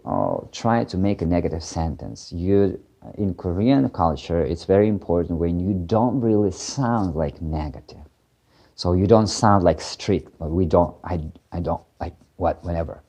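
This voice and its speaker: A man explaining grammar in a casual lesson, hesitating often with fillers and restarts, then rattling off quick example phrases. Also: low-pitched, dark tone. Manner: halting, many fillers and restarts, switching into quick Korean examples. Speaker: Korean language teacher.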